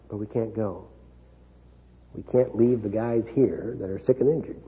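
A husky, somewhat high-voiced middle-aged man from Kansas addresses an audience in a motivational speech. He tells his story dramatically, with wry humor and frequent chuckles. The recording sounds dull and lo-fi. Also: animated, a little fast. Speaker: keynote speaker.

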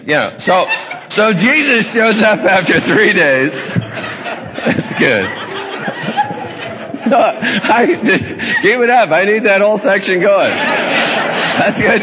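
A man's voice: high voice, sharp tone, long reverb tail, dull audio. A man preaching a humorous sermon, telling stories in a folksy, joking way with chuckling asides.

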